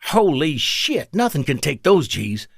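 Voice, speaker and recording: A man's voice: very animated, a bit bright, dry recording, clean studio sound. A man doing a jittery young pilot with an Appalachian twang. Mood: shaken. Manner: jittery, fast, high-strung. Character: young nervous male fighter pilot, joking.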